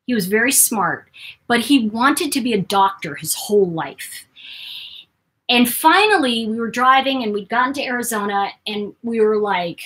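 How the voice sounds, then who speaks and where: A woman hosting her own channel, telling a personal story to camera in an animated way, jumping between loud bursts and near-whispers. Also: on the high side, moderate pace, breathy edge. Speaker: host.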